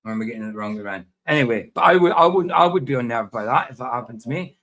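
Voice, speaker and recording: A man's voice: medium pitch, animated, quick pace, a bit bright. A man hosting a livestream, chatting casually and rambling while reacting to a video, laughing often. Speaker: livestream host.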